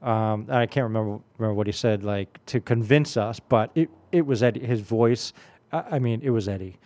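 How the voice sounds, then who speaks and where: A man's voice: lowish voice, brisk, darkish tone. A man in his late forties hosting a radio music show, telling stories in a rambling, casual way full of fillers. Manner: rambling storyteller, many fillers.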